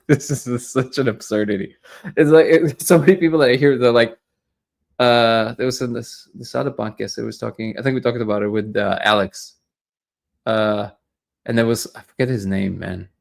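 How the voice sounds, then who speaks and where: A man hosting a daily live discussion show, talking in an earnest, reflective way and often repeating words as he gathers his thoughts. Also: medium pitch.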